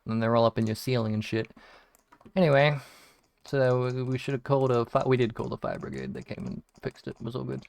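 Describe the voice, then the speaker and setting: An Australian gaming streamer rambles through stories as he plays, swearing casually and acting out what people said. His mid-range voice is expressive, brisk and creaky. He records from a room at home that used to be a shed.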